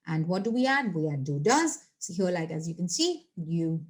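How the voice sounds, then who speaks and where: Woman, English teacher, online grammar lesson, lively intonation, chatty explaining with fillers. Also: on the low side, moderate pace.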